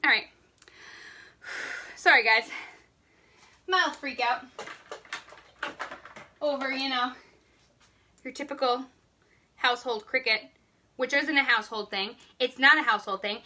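A woman's voice: sits high, slow, pauses often, pushed and bright, a little hiss or hum. A young woman chatting through a live makeup tutorial, jittery and panicky, laughing between lines. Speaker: makeup vlogger.

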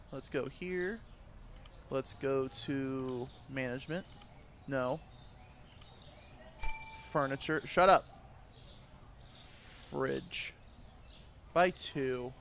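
A young man giving casual, sarcastic gameplay commentary, swearing a lot and yelling at the customers in the game. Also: on the high side, a little hiss or hum. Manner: jumps between mutters and loud outbursts. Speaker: gaming video creator.

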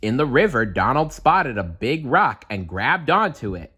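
A man reading a children's bedtime story aloud in a calm, measured way. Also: mid-range voice, slightly rough. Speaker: storybook reader.

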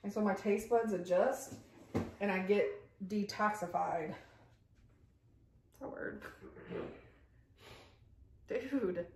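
A woman's voice: mid-range voice, takes it slowly, long pauses, darkish tone, echoey room, a little hiss or hum. A woman chatting casually at home as a vlogger, rambling with frequent asides and laughs. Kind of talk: casual unboxing chat. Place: home kitchen table with pets around.

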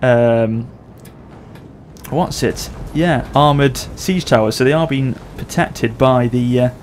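A man's voice: mid-range voice, takes it slowly, a little hiss or hum. A man in his thirties hosting a casual, jokey multiplayer game session, laughing often. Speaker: gaming channel host. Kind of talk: casual multiplayer gameplay chat.

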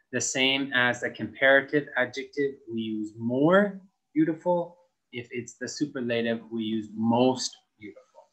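A young adult man gives an English grammar lesson, slowly stretching out key words as he models them for students. His mid-range voice has a fairly bright tone, and the recording is rough.

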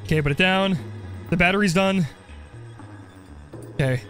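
A young man commenting on his game play, joking and getting excited as he goes. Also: sits high, normal speed, soft background music. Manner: jokey, excitable, role-plays as the character. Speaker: gaming video creator.

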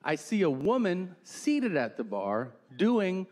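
A man's voice: high voice, wildly swooping pitch, takes it slowly, darkish tone. A man doing a stand-up comedy routine on stage, telling profane stories and acting out other people in shifted voices. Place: comedy stage before a live audience.

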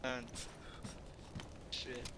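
A man's voice: very slow, background noise. A man playing a captive in a game roleplay, who keeps breaking into laughter.

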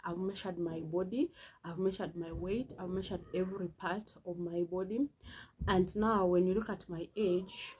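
A woman's voice: fairly low pitch, steady tone, moderate pace, darkish tone, slight background noise, low-quality recording. A woman in her early twenties talking earnestly in a casual vlog, often repeating herself for emphasis. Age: early 20s. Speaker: vlogger. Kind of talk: casual personal vlog talk.

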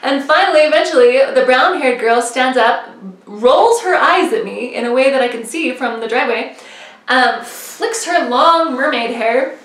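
High-voiced woman telling a story, echoey room. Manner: animated, self-mocking, quick asides. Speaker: religious vlogger. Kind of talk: personal storytelling. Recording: echoey room, mic at a distance.

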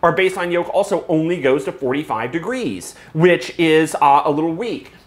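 A man's voice: a little high, expressive, moderate pace. Chatty man with a roomy echo. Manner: chatty, explains at length, laughs often. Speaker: host reviewing flight sim gear. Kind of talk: casual product review chat.

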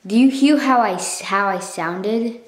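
A woman's voice: mid-range voice, unhurried, echoey room, a little hiss or hum. A woman vlogging casually to her viewers, rambling and correcting herself as she goes, recorded on a phone. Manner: rambling, self-correcting, coughs and clears throat. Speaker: channel owner. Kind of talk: casual thank-you vlog.

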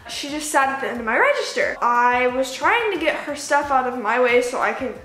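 A woman's voice: high voice, a little fast, faint music behind. Chatty young woman telling a storytime. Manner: chatty, animated retelling with quoted voices. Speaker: vlogger. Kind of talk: casual storytime. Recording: echoey room.

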